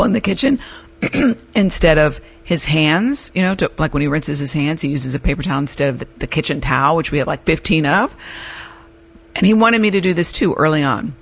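A middle-aged woman with a deep, gravelly voice and a breathy edge hosts an advice podcast. In a casual, candid monologue, she shares a personal story.

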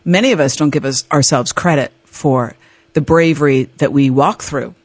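A woman hosting a podcast, telling a personal story in an emotional, animated way, with laughs and restarts. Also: low voice, normal speed, no echo. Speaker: podcast host.

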